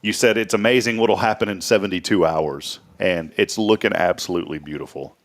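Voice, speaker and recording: A man hosts a morning talk show, spinning loose stories and tossing in quick jokes. His voice sits a little low and relaxed. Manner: joking, rambling storyteller with quick asides. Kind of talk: casual chat.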